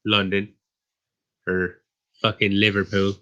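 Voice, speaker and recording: A man's voice: on the low side, flat delivery, slow, pushed and bright. An Irish man co-hosting a live stream, rambling and teasing in casual, profane banter. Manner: teasing, rambling, swears often. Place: live online stream panel.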